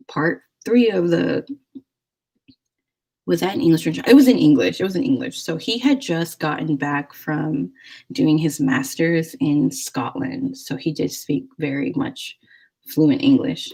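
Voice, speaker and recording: A woman's voice: low voice, moderate pace, mellow, husky, poor audio. A young woman vlogger telling a dating story in a chatty, rambling way, full of "like". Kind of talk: casual storytelling.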